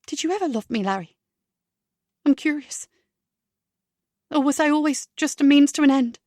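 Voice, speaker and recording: A woman's voice: sits high, lively intonation, moderate pace, a little mellow, no echo, studio quality, pitched above the performer's own voice. A woman voicing a frightened, resigned young woman held captive, pleading in a strained voice.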